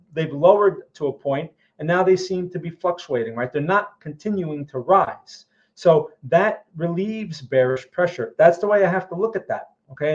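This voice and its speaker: Higher-voiced man explaining markets, muffled audio. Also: a little mellow. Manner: explanatory, checks in with frequent "okay?" and "right?". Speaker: trading livestream host. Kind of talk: casual live market commentary.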